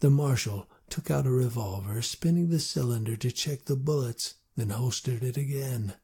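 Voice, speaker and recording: A man's voice: medium pitch, moderate pace, dark tone, breathy edge. A man earnestly narrating a first-person fantasy audiobook.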